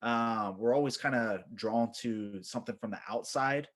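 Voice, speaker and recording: Man, podcast guest, military veteran, casual storytelling, rambling, swears a lot, heavy fillers, mid pitch. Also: moderate pace, fairly bright tone.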